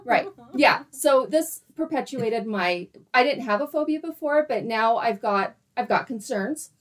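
Animated woman telling a story. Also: fairly high pitch, unhurried. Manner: animated, laughing often, acts out her own quotes. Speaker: guest storyteller. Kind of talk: casual storytelling chat.

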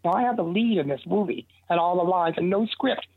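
An older man, an interview guest, tells long rambling stories with restarts along the way, speaking in a high, fairly quick voice with a breathy edge. His anecdotes are animated and casual, heard over a tinny, dry phone line.

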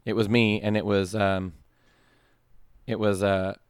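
A man co-hosting a podcast in casual chat, good-humored and quick to laugh while defending his opinions. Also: lowish voice, flat delivery, clear, resonant tone, no echo, studio quality. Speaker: podcast co-host.

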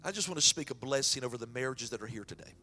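Folksy pastor preaching, bright voice. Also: male voice, medium pitch, expressive, rapid-fire, faint music behind. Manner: folksy preaching, shifts into loud prayer. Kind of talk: sermon.

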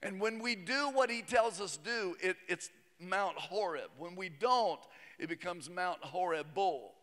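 A man's voice: high-pitched, animated, a little slow, a bit bright. A male pastor preaching a sermon in a conversational way with joking asides. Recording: long reverb of a large hall.

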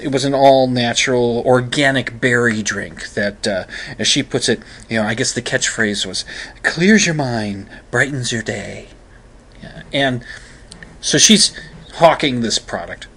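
Man, mid-pitch, casual monologue; rambles with fillers and restarts, dry skeptical edge. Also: a bit bright, breathy edge. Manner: wry, skeptical.

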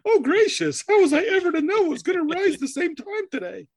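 A high, hammy vampire count frets theatrically about the sunrise, as a man puts him on with a squeaky, overacted voice. His fussing swoops up high. The sound is close and dry. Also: very animated, a little fast, no room sound, heavily acted. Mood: mock dismay. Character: melodramatic male vampire count, startled by sunrise.

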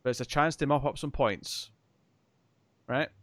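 A man's voice: mid-range voice, a little slow, fairly bright tone, no echo. A man hosting a casual trivia game on a podcast, teasing the players and laughing often. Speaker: quiz host.

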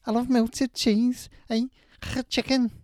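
A man voicing a loud, excitable Liverpudlian character in an exaggerated Scouse accent, drawing his words out during a comic sign-off. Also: extremely high pitch, no room sound, clean studio sound, voice pushed up. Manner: shouty, drawn-out, exaggerated.

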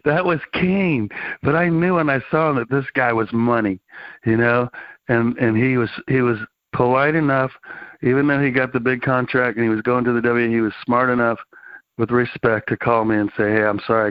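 A man's voice: mid-range voice, steady tone, normal speed, no echo. A middle-aged man, a guest in a casual interview, telling rambling, laid-back stories full of fillers and slang. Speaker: interview guest, former wrestling promoter. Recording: slightly dull, dry lo-fi sound.

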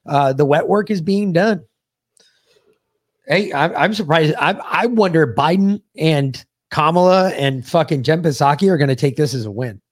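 A man's voice: on the high side, moderate pace, no echo. Crude joking man on a dry mic. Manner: crude, joking, swears often. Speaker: podcast co-host. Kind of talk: casual political chat.

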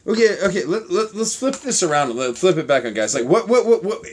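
Male comedy podcast host: casual, profane, stumbling, and very animated in pitch. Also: fairly quick, slightly rough. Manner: rambling, profane, many restarts and fillers.

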